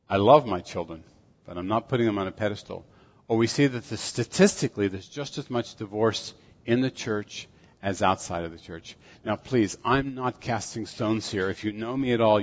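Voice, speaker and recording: Older man preaching in an echoing hall. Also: lowish voice. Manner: earnest, measured, self-deprecating asides. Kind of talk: sermon. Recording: dull audio with long hall reverb.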